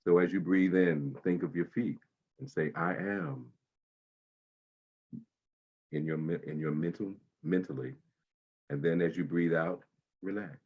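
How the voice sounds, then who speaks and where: Man, guided meditation, low voice, slow and soothing, long pauses. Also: breathy edge, narrow, tinny audio.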